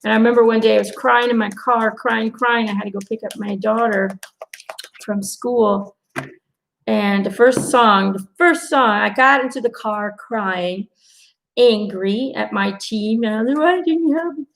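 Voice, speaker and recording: A middle-aged woman with a creaky, mid-range voice speaks a little slowly during a live angel card reading, over slight background noise on a low-quality recording. She's a chatty intuitive reader who tells animated stories with quoted asides and directly reassures her audience.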